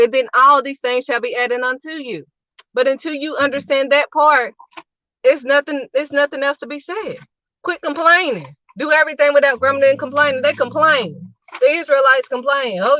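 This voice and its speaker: A woman's voice: high voice, bright, forceful tone, no room sound, muffled recording. A woman preaching casually to camera as a channel host, emphatic and repetitive, driving each point home in short punchy phrases.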